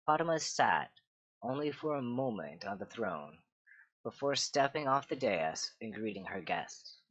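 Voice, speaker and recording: Brief: male story reader, mid pitch, measured, dull dry home recording. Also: sing-song, fairly bright tone. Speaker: reader of game lore books. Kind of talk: reading a story aloud.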